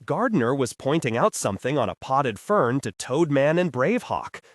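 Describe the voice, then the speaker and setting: Male audiobook narrator, lively pitch, dry close-mic sound. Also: normal speed, no room sound. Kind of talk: scripted narration.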